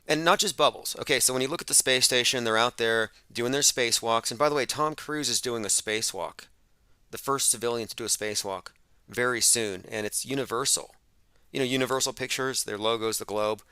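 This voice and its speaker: A man's voice: mid-range voice, a little fast, sharp tone, clear, resonant tone, no room sound. A man hosting an open-phones radio show, talking in an emphatic, sarcastic monologue.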